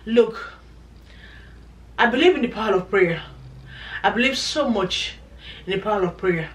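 A woman's voice: mid-range voice, animated, normal speed. A woman vlogger chatting to her viewers in an emphatic, repetitive, conversational way. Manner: chatty, emphatic, repeats herself. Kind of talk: casual chat to camera. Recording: echoey room, voice from a distance.

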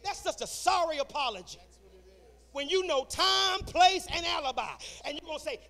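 A man preaching a sermon, shouting in a sing-song cadence in a church sanctuary. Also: extremely high pitch, animated, moderate pace. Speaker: pastor.

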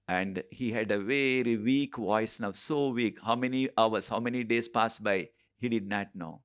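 A man preaching a sermon, telling a story with frequent pauses and repeated phrases. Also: on the low side. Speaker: preacher and Bible teacher.

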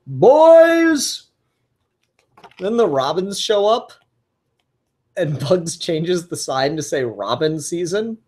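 A comic book reviewer talks through the issues in a loose, chatty solo review. The pace is slow and easygoing, with frequent fillers and restarts. The enthusiasm comes through as casual and unpolished. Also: medium pitch, lively intonation, husky.

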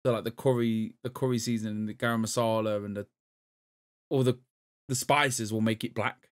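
A man's voice: lowish voice, steady tone, brisk. A man co-hosting a gaming podcast, chatting loosely and rambling. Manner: rambling, loose, swears casually. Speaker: podcast co-host. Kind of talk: casual chat.

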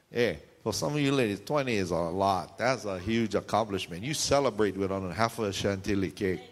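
A man preaching a sermon, telling a funny story and jumping into high squealing voices for the people in it. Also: normal speed, long pauses. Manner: animated, jumps into high squealing voices for the people in his stories.

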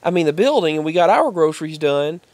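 A man with a fairly high voice tells a rambling personal story to the camera, going over the same points again and again. The sound is dry and close, with little room in it. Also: very animated, fast, darkish tone, no room sound. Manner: rambling, repeats himself, quotes others in a raised voice. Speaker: vlogger. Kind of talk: casual storytelling monologue.

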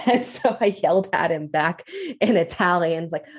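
A woman guest on a casual podcast, her voice on the lower side. She tells anecdotes in an easy, relaxed way. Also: normal speed, breathy edge. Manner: relaxed, conversational anecdotes with fillers. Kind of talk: casual chat.

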